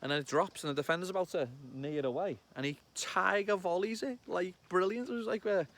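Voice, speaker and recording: A man in his thirties with a Liverpool accent, chatting excitedly outdoors about a football match, swearing and bursting into loud shouts. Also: sits high, brisk. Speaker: football fan vlogger. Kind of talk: casual match reaction vlog. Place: outdoors among trees.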